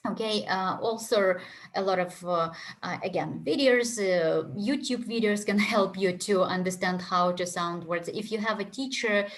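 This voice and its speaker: A woman's voice: mid-range voice, normal speed. A woman with a Ukrainian accent teaching an online English test prep lesson, chatty, with lots of fillers and asides, on a headset mic.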